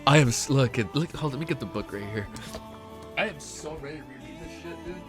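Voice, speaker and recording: A young man streaming to his chat, excitable and emotional, swearing often and reading chat messages aloud. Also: on the high side, fast, music in the background. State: emotional, close to tears. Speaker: streamer reacting to a web novel. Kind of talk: casual live-stream chat.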